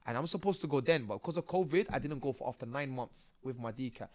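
A man, a podcast guest telling his stories in casual street slang, often tagging lines with "bro" and "yeah" and getting animated. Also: medium pitch, fast talker, no room sound. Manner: animated, rising when excited. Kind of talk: casual interview storytelling.

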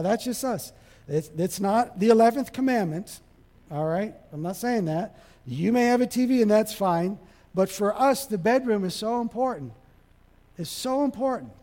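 A man preaching a sermon, animated, acting out little dialogues and swinging from loud to soft. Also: sits high. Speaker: pastor. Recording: long hall reverb.

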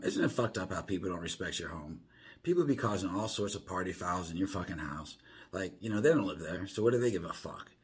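A lively, rambling man, swearing through a casual monologue from his home. His voice is low and very husky, and his pitch swings widely from line to line. He restarts his sentences constantly. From South Florida. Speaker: podcast host.

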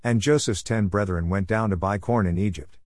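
A man reading scripture aloud in a steady, measured way, giving the archaic text an even delivery. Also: fairly low pitch, no echo. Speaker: scripture reader.

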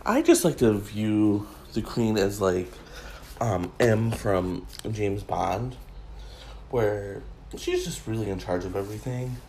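Rambling, chatty low-voiced man. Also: slow pace, darkish tone, slight background noise. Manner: rambling, chatty, jokey, many fillers. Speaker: podcast host. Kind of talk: casual solo podcast chat.

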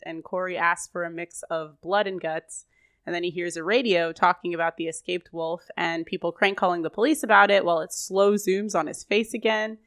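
A woman's voice: mid-range voice, a bit bright. A woman co-hosting a podcast, recapping an episode in a chatty way and laughing often. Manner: laughing, chatty storytelling with quoted lines. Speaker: podcast co-host.

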